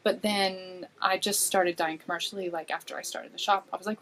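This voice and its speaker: A woman's voice: fairly low pitch, steady tone, brisk, hardly any pauses, a bit bright, rough recording. A woman guest who dyes yarn, chatting casually in an easygoing, self-deprecating way. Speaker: podcast guest, yarn dyer. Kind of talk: casual chat.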